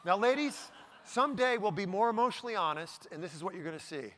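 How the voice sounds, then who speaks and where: A middle-aged man giving a lively talk to a live audience, joking and asking the crowd questions. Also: sits high, quick pace. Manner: animated, jokey, asks the audience questions. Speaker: motivational speaker. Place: event stage before a live audience.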